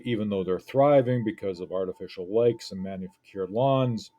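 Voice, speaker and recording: A man teaching a lesson, picking apart an essay in a deliberate, reflective way with frequent pauses. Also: lowish voice, warm tone.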